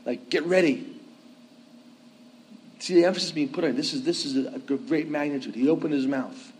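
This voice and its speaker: A man's voice: fairly high pitch, normal speed, a little hiss or hum, low-quality recording. A man giving a conversational sermon, often asking his listeners "okay?" and "right?" to check that they follow him. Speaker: priest.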